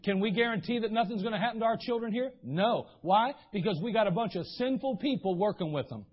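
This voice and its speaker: A man with a high, husky voice preaches to his congregation, spinning folksy stories and briefly acting out the people he quotes. The recording sounds dull and muffled. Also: fast talker. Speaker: pastor. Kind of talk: sermon. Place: church sanctuary.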